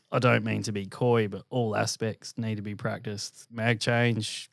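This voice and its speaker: A man's voice: on the low side, flat delivery, unhurried, creaky, no room sound, studio quality. A man in a casual podcast chat, laid-back and joking, poking fun at himself.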